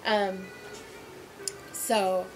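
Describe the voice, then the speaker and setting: A woman's voice: medium pitch, extremely slow, over music, rough recording. A young woman who works as a server, casually telling a story about a rude customer with lots of fillers. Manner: animated, mimics people in loud quoted voices, many fillers.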